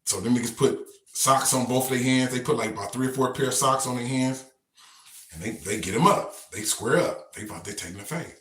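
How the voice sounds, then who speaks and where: A man's voice: medium pitch, a little fast, fairly bright tone, echoey room. Laid-back man telling a story. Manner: laid-back, slangy, rambling. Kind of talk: casual storytelling.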